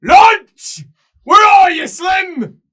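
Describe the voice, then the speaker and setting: A huge, hungry ogre who bellows every word in high, straining shouts and mangles his grammar. The voice swings wildly up and down, bright and forceful, in a tabletop role-playing game. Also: big pitch swings, extremely slow, recorded from a distance, full character voice. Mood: hungry bellowing.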